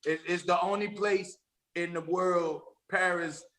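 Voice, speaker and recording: Bright-voiced DC man talking casually. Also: sits high, steady tone, measured pace. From Washington DC. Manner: laid-back, rambling storytelling with frequent restarts. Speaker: guest rapper. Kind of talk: casual podcast conversation.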